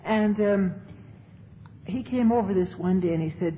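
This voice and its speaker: A woman's voice: fairly low pitch, normal speed, long pauses. A woman telling her recovery story to an audience as a speaker, in a chatty, humorous way. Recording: tinny lo-fi tape with faint hiss.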